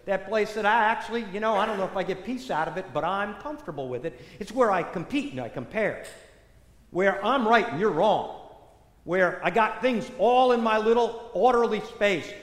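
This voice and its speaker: A parish priest giving a sermon in a church, telling the story in a conversational, animated way with many asides. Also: male voice, high voice, moderate pace. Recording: echoey church hall reverb.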